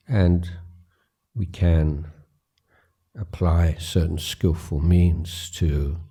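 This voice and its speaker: Very deep, slow-spoken man teaching meditation. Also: mellow, slightly rough. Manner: slow, halting, with many pauses and fillers. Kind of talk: guided meditation talk. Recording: recorded at a retreat.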